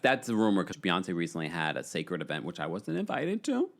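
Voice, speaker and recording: A man's voice: a little fast, creaky, very noisy. Sassy new guy hosting a live stream, reads chat comments, voice jumps all over. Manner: animated, sassy, swooping pitch. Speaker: host.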